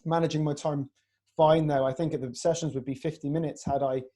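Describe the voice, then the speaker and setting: Chatty man with a mellow voice. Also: fairly high pitch, steady tone, fairly quick. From Iraq. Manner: chatty, laughing storyteller. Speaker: podcast host and fitness coach. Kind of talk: casual chat. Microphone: video call.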